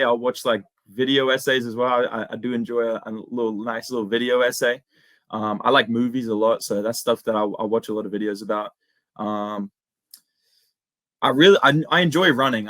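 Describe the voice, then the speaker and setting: A young man with an Australian accent chatting casually as an interview guest, slangy and relaxed. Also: mid-range voice, no room sound. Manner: laid-back, slangy, says "man" and "bro" a lot. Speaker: guest, MMA YouTuber.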